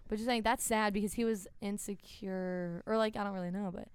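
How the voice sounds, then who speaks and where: A woman's voice: medium pitch, steady tone, brisk, clean tone, no echo. A teenage girl co-hosting a school podcast, teasing the others and asking them questions. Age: teens. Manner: teasing, asks questions, laughs a lot. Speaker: podcast co-host. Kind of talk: casual chat. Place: school classroom studio.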